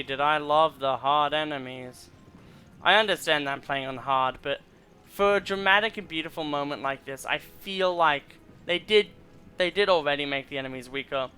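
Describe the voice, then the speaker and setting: A man's voice: a little high, pushed and bright, clean tone. A young man giving casual commentary while he plays a game, rambling and reading in-game text aloud with stumbles. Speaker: gameplay streamer.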